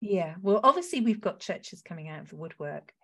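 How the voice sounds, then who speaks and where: A woman's voice: lowish voice, expressive, fairly quick, sharp tone. A woman from Wales with a Welsh accent, co-hosting a casual food podcast in a chatty, lilting way. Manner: chatty, lilting, laughs easily. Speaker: podcast co-host. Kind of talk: casual chat.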